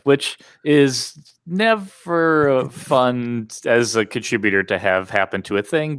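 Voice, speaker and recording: A man's voice: mid-range voice, fairly bright tone, clear, resonant tone, dry recording. A man with a Midwestern accent co-hosting a casual podcast in an easygoing way. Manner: easygoing, laughs along. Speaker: podcast co-host.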